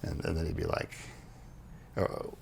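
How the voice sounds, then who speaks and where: A man's voice: normal speed, slight background noise. A man on a podcast, explaining ideas earnestly in casual conversation and acting out quoted dialogue as he goes. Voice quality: low gravelly voice, husky. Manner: earnest, animated storytelling with restarts and quoted dialogue. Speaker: podcast co-host explaining religious history.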